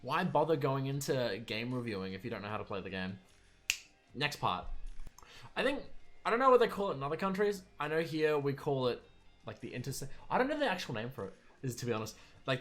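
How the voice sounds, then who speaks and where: A man's voice: mid-range voice, fairly bright tone. A young man around twenty, a streamer, ranting casually about pet peeves with sarcastic, exasperated asides. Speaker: streamer and video maker.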